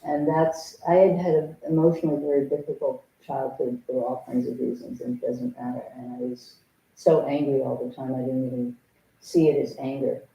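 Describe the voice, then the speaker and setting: A woman's voice: extremely low pitch, steady tone, moderate pace, warm tone, recorded from a distance. Older woman teaching frankly in an echoey hall. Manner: frank, humorous, acts out remembered dialogue. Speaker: Zen teacher. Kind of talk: dharma talk with personal storytelling. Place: temple meditation hall.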